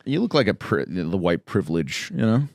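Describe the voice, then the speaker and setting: A man's voice: low voice, big pitch swings, brisk, creaky, a little mellow, no room sound, clean studio sound. Teasing male podcast co-host. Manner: teasing, provocative riffing. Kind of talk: comedic banter. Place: podcast studio. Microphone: studio microphone.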